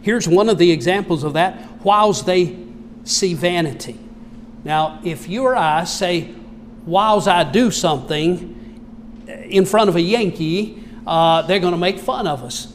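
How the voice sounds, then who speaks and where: A man with a Southern American accent preaching a sermon, reading scripture slowly and solemnly, then explaining it in plain, folksy talk. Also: high-pitched, big-room sound, a little hiss or hum. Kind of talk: expository sermon reading King James scripture.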